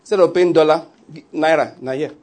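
A Nigerian man preaching in a loose, joking way, slipping into Pidgin now and then. His voice sits a little high for a man and has a husky, breathy grain. It sounds like a pastor talking straight to his congregation. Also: fast, darkish tone. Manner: humorous, conversational preaching with Pidgin asides. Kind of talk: sermon.

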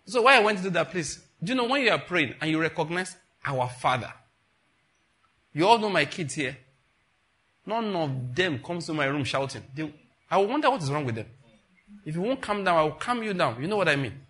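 Pastor, middle-aged, bright and fairly high voice, animated sermon delivery. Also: male voice, a little fast. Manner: animated and conversational, acting out dialogues.

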